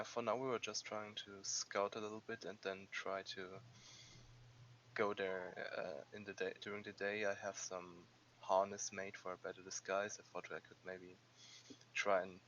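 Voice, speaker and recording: A man with a deep, a bit bright voice speaks flatly at a moderate pace while playing a tabletop role-playing game, moving in and out of character. He talks hesitantly with stumbling restarts, and the dull audio carries a little hiss or hum and faint music.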